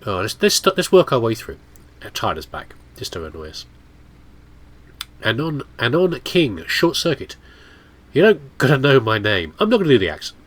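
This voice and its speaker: A man's voice: mid-range voice, huge pitch swings, moderate pace, fairly bright tone. Nasal, stuffy man narrating gameplay. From United Kingdom. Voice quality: nasal, blocked up. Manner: rambling, chatty asides. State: has a cold. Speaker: gameplay commentator. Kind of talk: casual let's play commentary.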